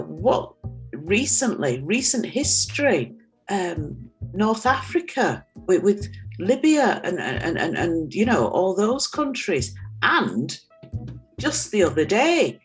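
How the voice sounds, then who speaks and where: A woman's voice: mid-range voice, big pitch swings, takes it slowly, soft background music, rough recording. A woman from the audience joining an online talk by video call, chatting casually in a meandering way with many fillers. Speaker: audience member. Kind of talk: casual chat.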